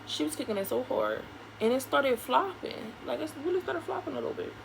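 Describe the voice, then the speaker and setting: A young woman, telling a casual, profane story in an animated way while doing her makeup at home. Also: sits high, brisk, creaky. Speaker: vlogger. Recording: noisy home recording.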